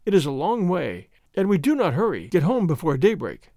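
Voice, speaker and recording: A man voicing a proud, strained noblewoman who speaks in an even, mechanical tone. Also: a little high, normal speed, creaky, no room sound, clean studio sound, heavily acted. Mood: pleading politely. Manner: even, mechanical, quiet delivery.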